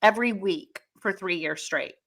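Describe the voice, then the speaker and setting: A middle-aged woman co-hosting a podcast, telling wild travel stories with lively energy and frequent swearing, acting out voices as she goes. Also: mid-range voice, normal speed, gravelly. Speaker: podcast co-host. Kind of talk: animated storytelling.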